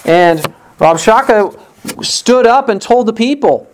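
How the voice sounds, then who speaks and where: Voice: medium pitch, expressive, slow pace. A pastor preaching a sermon in an earnest, emphatic way, often repeating words to stress a point.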